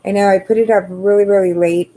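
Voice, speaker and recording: A middle-aged woman hosting a casual livestream, greeting viewers by name in a relaxed, tired, unhurried way. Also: medium pitch. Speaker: livestream host.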